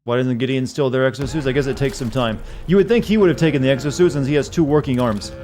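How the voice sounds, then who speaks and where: Fast-talking male game streamer. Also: medium pitch, darkish tone. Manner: joking, sarcastic asides. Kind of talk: casual gaming commentary.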